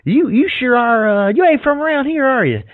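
A man's voice: extremely high pitch, sing-song, normal speed, no echo, voice pushed up. A man putting on a flirty small-town man. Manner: drawling, folksy.

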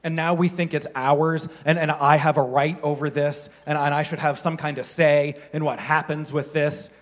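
Male preacher, animated sermon delivery, slightly higher voice, pokes fun at his characters. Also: moderate pace.

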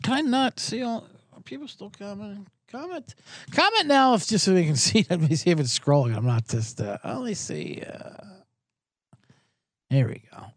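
Lively, rambling male betting show host. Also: high-pitched, moderate pace, dry recording, clean studio sound. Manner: profane, rambling, reads viewer comments aloud. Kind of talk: casual livestream commentary.

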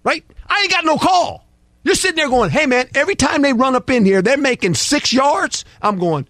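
On a sports talk show, a football analyst guest with a high, lively voice breaks down the game at normal speed. He's emphatic and folksy, slipping into quoted dialogue as players and coaches, and the mic is close and dry with no echo.

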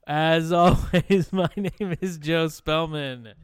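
A man hosting a podcast over a video call, chatting casually, swearing freely and halting with fillers. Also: on the high side, smooth, no room sound. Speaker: podcast host.

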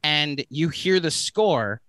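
Podcast guest guy, chatty and quick to explain, bright voice, dry close mic. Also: fairly high pitch, animated, no room sound. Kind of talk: casual podcast chat.

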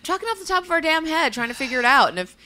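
This is a young woman co-hosting a casual podcast, and her voice has a bright, forward tone. She talks in an excitable, chatty way and tells stories with plenty of swearing. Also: high voice, racing. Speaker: podcast co-host.

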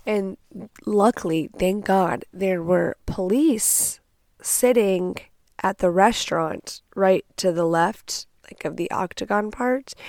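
A young woman hosting a podcast, telling a dramatic story in casual, profane, animated speech on a close mic. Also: medium pitch, creaky, no room sound. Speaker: podcast host.

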